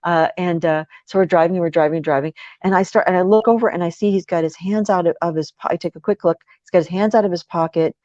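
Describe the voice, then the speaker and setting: Woman podcast guest with a lowish voice who tells stories with lots of energy. Dry, dull lo-fi recording. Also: fast talker, hardly any pauses, no echo. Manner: lively, laughing, acts out quoted voices. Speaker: guest speaker and author. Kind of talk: animated storytelling in a podcast interview.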